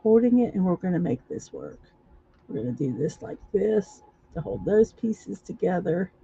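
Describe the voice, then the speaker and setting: A woman hosting a casual livestream, talking viewers through a building-block project step by step, halting often with fillers and restarts. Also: fairly low pitch, big pitch swings, dark tone, breathy edge. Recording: dull lo-fi recording.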